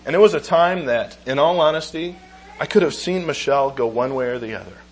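An earnest man speaks from the pulpit, reading old scripture and sharing personal stories. His voice sits at an ordinary middle pitch, and his delivery is halting and heartfelt, full of small restarts. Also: low-quality recording. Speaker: lay speaker giving a church talk.

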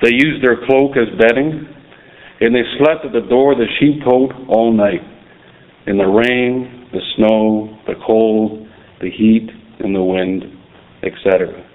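A man preaching a sermon in an earnest, unhurried way, often restarting phrases and slowing down to stress key words. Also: fairly even intonation. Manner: earnest, unhurried, frequent "you know" and restarts; slows down and drops low on key words. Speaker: lay preacher. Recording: narrow phone-like sound.

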